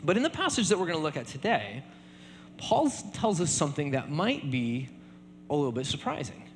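Male pastor, conversational sermon, animated pitch, somewhat high voice, reverberant hall. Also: a little fast, slight background noise. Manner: conversational, many fillers and repeated tag questions.

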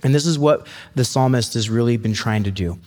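A man preaching a sermon in a conversational, storytelling way, slowing down to read scripture. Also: medium pitch, darkish tone, big-room sound. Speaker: pastor.

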